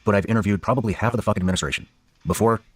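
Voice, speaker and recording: Middle-aged male host, very fast and blunt, heavy profanity, low gravelly register. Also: dry recording. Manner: blunt, heavy swearing, heated. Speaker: podcast host. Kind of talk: casual interview talk.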